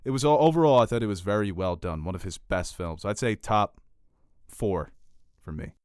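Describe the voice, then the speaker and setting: A man's voice: fairly low pitch, moderate pace, clear, resonant tone, no echo, clean studio sound. A young man co-hosting a podcast, chatting casually with wisecracking, opinionated remarks. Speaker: podcast co-host. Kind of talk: casual chat.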